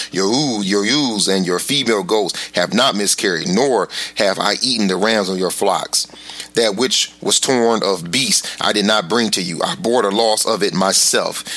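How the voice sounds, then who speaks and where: A man with a fairly low but bright, forceful voice teaching a verse-by-verse Bible lesson. He explains in a loose, conversational way, full of little filler sounds. When he reads the scripture passages aloud, he slows down and gives them weight.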